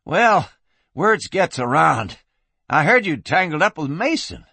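A man's voice: fairly high pitch, sing-song, unhurried, creaky, pushed and bright, breathy edge, no echo, voice pushed up, exaggerated voice. A man voicing a nervous, eager young deputy. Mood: anxious.

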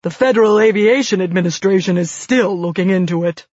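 A woman voicing a stern, wry male archangel who speaks in a measured, dryly teasing way. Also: mid-range voice, a little mellow, husky, no room sound, lightly acted. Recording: dull dry studio read.

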